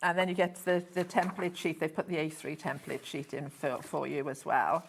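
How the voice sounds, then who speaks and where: Lady designer on a shopping channel, talks a lot, explains everything, slightly low voice. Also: flat delivery, normal speed, creaky, a little hiss or hum. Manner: chatty, explaining, rambling. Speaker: pattern designer guest. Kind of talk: live TV selling chat.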